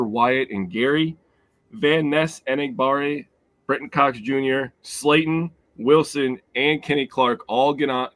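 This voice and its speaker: A man's voice: medium pitch, dry recording. A man with a cold and a congested, sick voice, co-hosting a casual sports chat over a remote call and rattling off stats with many "uh" fillers. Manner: stat-heavy, lots of "uh" fillers, excitable. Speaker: podcast co-host.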